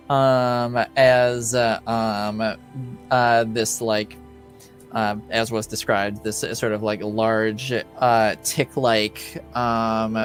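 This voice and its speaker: Slow, halting man narrating a game. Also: medium pitch. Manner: halting, full of ums and likes. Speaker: game master.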